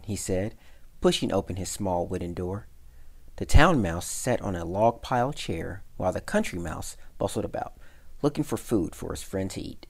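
A man, a community center director, reading a fable aloud with expressive storytelling. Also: low-pitched, normal speed, vocal fry.

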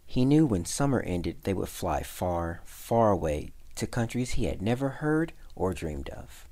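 A man, a community center director, reading a fable aloud with expressive storytelling. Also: low voice, vocal fry.

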